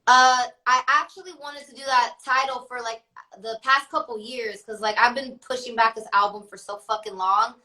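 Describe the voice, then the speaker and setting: A woman's voice: a little high, fairly even intonation, normal speed, sharp tone, poor audio. A woman rapper chatting casually as an interview guest, filling her talk with "like" and easy laughs. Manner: chatty, heavy on fillers and laughter.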